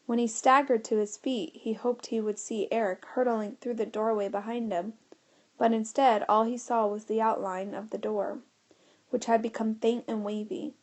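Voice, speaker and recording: A woman's voice: fairly high pitch, flat delivery, moderate pace. Woman narrating a children's audiobook. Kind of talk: scripted narration.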